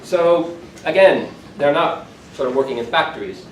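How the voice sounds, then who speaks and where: A man's voice: a little high, expressive, normal speed, a little hiss or hum. A man in his sixties giving a conference keynote lecture, talking conversationally with self-deprecating asides. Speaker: keynote speaker. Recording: echoey hall from far off, faint room ambience.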